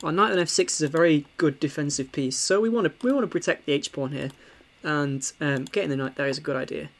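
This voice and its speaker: A young man, casually talking through a chess game for stream viewers, animated and full of ums and restarts. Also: on the high side, fairly quick. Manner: animated, with frequent fillers and restarts.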